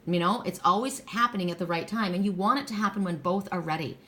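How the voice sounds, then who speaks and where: A woman's voice: on the low side, quick pace, fairly bright tone. A middle-aged woman talks through a tarot card reading in a loose, casual way. She is blunt and emphatic and swears freely.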